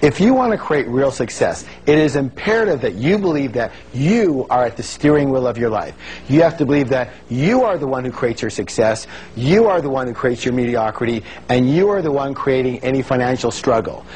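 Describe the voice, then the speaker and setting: A man giving a lively motivational seminar talk, calling on the audience to answer and acting out the voices he quotes. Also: mid-range voice, fairly quick, slight background noise, poor audio. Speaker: seminar speaker. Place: large seminar hall with an audience.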